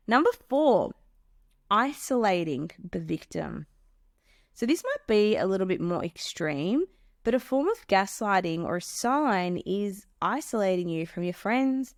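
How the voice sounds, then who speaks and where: A woman's voice: medium pitch, dry recording. A woman hosts a solo podcast and gives relationship advice in an earnest, explanatory way. Her voice sits in a middle range. The sound is close and dry. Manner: earnest, explains with acted-out examples.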